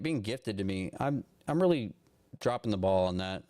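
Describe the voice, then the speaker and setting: A man's voice: fairly low pitch, animated, moderate pace, darkish tone, no echo, clean studio sound. A man hosting a casual livestream from his phone, ranting about politics in a rambling way with lots of restarts and frequent swearing. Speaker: live stream host.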